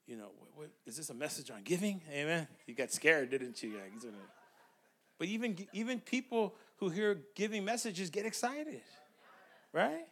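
A middle-aged male pastor preaching with energy, calling for amens and rising to shouts. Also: on the high side. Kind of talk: sermon.

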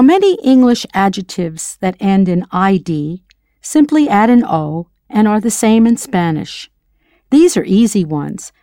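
A patient, encouraging American woman runs a scripted audio language lesson, prompting the listener to answer. Her voice is mellow and middle-pitched. The audio is close and dry, with no echo or room around it.

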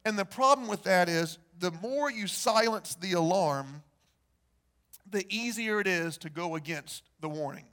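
A man preaching a sermon, telling stories and acting out the people in them, building to loud emphasis. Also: high-pitched, lively intonation, measured pace. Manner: storytelling, acts out quoted voices, rises to loud emphasis. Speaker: pastor.

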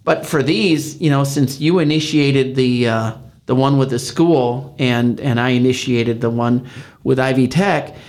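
A man's voice: mid-range voice, a little slow. An older man with a Midwestern American accent, co-hosting a casual chat and telling stories in a rambling way, full of restarts. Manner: rambling, many restarts, animated retelling. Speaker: podcast co-host, county council member.

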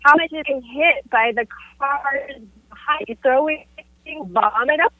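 Reacting listener, woman, high and bright, quick short reactions, dry sound. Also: no room sound, phone-quality sound. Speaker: listener in the chat. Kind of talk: casual chat.

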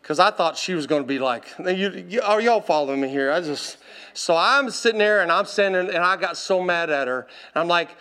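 A man preaching a sermon as a personal story, animated and laughing, often calling out to the congregation. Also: high voice, fairly quick.

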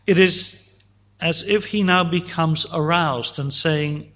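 A man preaching a sermon, teaching slowly and deliberately through a psalm and voicing God's words at times. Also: a little high, a bit bright.

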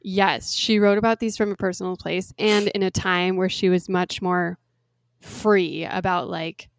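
A woman's voice: on the low side, fairly even intonation, a little slow, gravelly, a little hiss or hum. A young woman co-hosting a podcast, chatting casually with lots of "like" fillers. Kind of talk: casual chat.

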